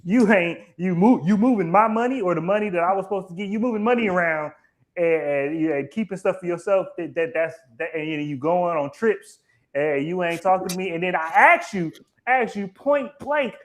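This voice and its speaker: A man's voice: high voice, a little fast. A man co-hosting a live episode review, talking emphatically and colloquially, repeating words when heated.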